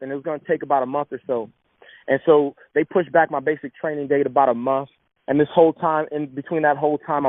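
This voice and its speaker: A man's voice: on the high side, dry recording. A young man earnestly telling a heartfelt personal story of hardship and faith. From Southern California. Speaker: speaker. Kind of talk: personal testimony talk. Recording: thin phone-like sound.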